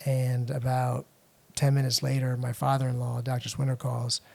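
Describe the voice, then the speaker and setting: A middle-aged man from the United States, a podcast guest telling a personal story in a halting way, with frequent restarts and fillers. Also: medium pitch, completely flat delivery, creaky, a little mellow. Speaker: podcast guest, international lawyer.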